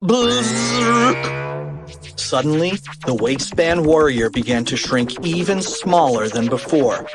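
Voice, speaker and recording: A man narrating a children's audiobook in an animated, expressive read. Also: mid-range voice, normal speed, few pauses, music in the background.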